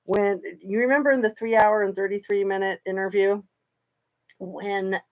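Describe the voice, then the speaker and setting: Woman, livestream host, casual chat, rambling, sarcastic, mid pitch. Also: steady tone, normal speed. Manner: chatty, rambling, sarcastic asides. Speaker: true crime livestream host.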